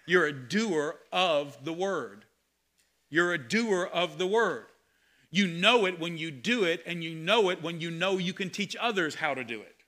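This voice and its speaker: A man preaching a sermon as pastor, animated, with sudden loud exclamations. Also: sits high.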